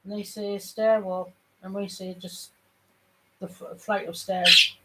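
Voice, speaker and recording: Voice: medium pitch, level tone, slow pace, noisy background. Rambling northeast English storyteller. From Sunderland, northeast England. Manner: rambling storyteller, many restarts. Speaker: family channel vlogger. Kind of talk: casual chat.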